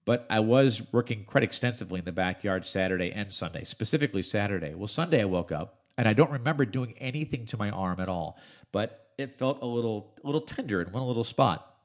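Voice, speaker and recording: A man's voice: fairly low pitch, lively intonation, fast talker. A middle-aged man, a radio host, rambling chattily through a solo podcast while sounding congested from allergies. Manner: chatty, rambling, self-interrupting. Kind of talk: casual podcast monologue.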